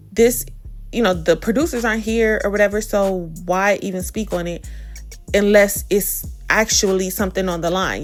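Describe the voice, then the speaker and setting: A woman recaps reality TV drama in a sassy, gossipy, slang-heavy way. Her voice has a gravelly, fried edge. Quiet music plays underneath. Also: medium pitch. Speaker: reality TV commentary host. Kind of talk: casual recap commentary.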